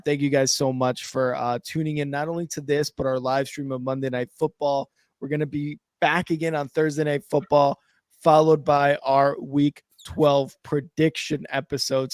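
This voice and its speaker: A man's voice: mid-range voice, no room sound. Upbeat man hosting, dry close sound. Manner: upbeat, enthusiastic sign-off. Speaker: podcast host. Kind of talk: casual sports chat.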